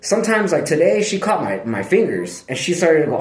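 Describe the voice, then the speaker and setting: A man's voice: fairly high pitch, big pitch swings, fast talker. A man talking in a loose, rambling vlog monologue, slangy and profane, sometimes breaking off to scold his dog. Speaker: vlogger. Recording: echoey room.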